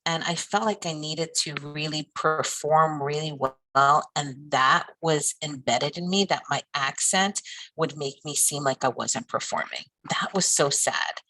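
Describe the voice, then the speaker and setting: A woman guest in a candid interview, speaking with a low pitch and a bright, forward tone. She talks earnestly and personally. Her delivery stays heartfelt. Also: measured pace, rough recording. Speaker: social worker guest.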